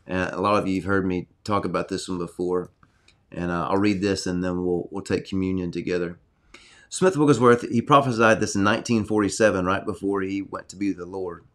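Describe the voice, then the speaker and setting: A middle-aged man hosting a weekly healing livestream from his home study, preaching earnestly and leading prayer with excitable energy. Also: low-pitched, a little fast. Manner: earnest, excitable preaching, reads prophecy aloud.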